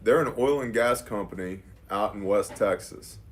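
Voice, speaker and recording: Speaking at a normal speed in a lowish voice with a breathy edge, a business owner recounts a casual story. He's animated and acts out the conversation, quoting it with "I'm like" and "she's like."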